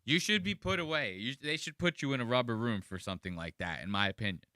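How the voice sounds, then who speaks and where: Guy ranting over a video clip, crude and mocking, bouncy pitch, bright punchy voice, dry close sound. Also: fast, dry recording. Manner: animated, crude, mocking, swears often. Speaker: commentator reacting to a video. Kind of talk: casual reaction commentary.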